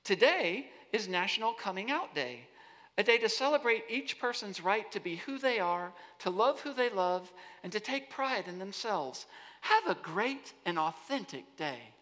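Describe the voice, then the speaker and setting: A man's voice: sits high, very animated, unhurried, bright, forceful tone, voice pushed up, heavily acted. A man imitating a cheerful robotic voice assistant with a stiff, evenly paced delivery. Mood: chirpy. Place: large lecture hall. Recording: long hall reverb.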